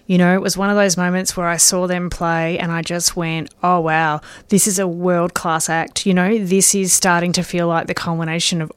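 A woman's voice: fairly low pitch, level tone, normal speed, hardly any pauses, smooth, dry recording. A woman, a musician guest on a radio show, telling stories animatedly and often repeating words. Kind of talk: casual interview chat.

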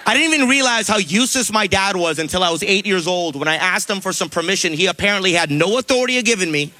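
A male stand-up comedian telling a story with animated, fast delivery. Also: high-pitched, a little hiss or hum.

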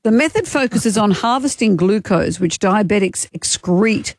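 A woman's voice: medium pitch, animated, normal speed, darkish tone. A woman co-hosting a radio show, telling stories in casual banter with a dry, teasing manner. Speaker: radio co-host.

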